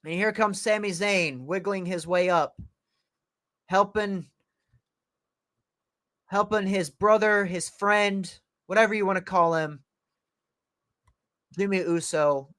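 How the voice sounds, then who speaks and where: A man with a high-pitched voice, starting to lose it, livestreaming excited play-by-play reactions to a wrestling match from his home computer. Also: measured pace, long pauses, dry recording. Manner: excited play-by-play, calling moves as they happen. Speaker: livestream host. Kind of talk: live wrestling reaction commentary.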